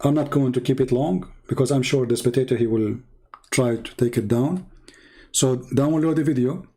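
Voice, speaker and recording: A man's voice: medium pitch, moderate pace, dark tone. A man hosting a livestream, talking in a mocking, taunting way and repeating phrases for emphasis. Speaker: livestream host. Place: home setup streaming online.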